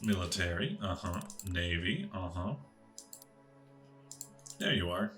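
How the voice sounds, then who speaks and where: A man's voice: lowish voice, lively intonation, normal speed, pauses often, fairly bright tone, soft background music. A man casually talking himself through a strategy game, musing aloud with puzzled asides. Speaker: gaming channel host.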